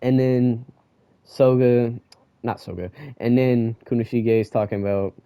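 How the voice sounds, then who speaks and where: A young man in a casual manga review, ranting with heavy slang. He often jumps up high and gets loud when he is worked up, then drops low and quiet. His voice sits in a middling range. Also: steady tone, a little slow, clear, resonant tone, no room sound, lo-fi sound.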